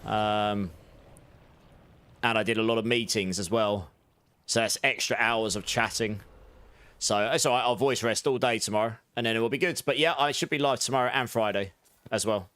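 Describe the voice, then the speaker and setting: A man's voice: lowish voice, fairly even intonation, normal speed, fairly bright tone, clean tone, no room sound. A young man livestreaming a game, chatting casually with his viewers and thanking them, his voice a little sore. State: slightly sore voice. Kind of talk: casual gameplay chat with viewers.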